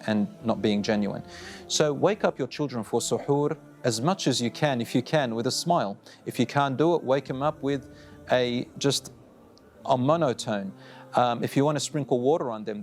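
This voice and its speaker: A middle-aged man preaching, earnest and direct, repeating short firm phrases as he gives advice to parents. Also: medium pitch. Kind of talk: recorded religious reminder.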